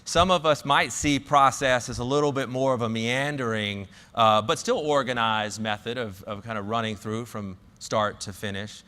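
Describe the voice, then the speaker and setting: A man's voice: mid-range voice, steady tone, normal speed, hardly any pauses, sharp tone, clean tone. Southern man giving a talk in a big hall. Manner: storytelling, restarts and fillers. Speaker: conference speaker. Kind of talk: conference talk.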